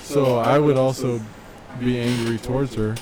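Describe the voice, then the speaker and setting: A young man with a mid-range voice who stops often to find his words, telling a school story in casual podcast chat. The chatter of a crowd can be heard clearly behind him. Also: mid-range voice, fairly even intonation, normal speed, poor audio. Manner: hesitant, searches for words. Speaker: podcast co-host.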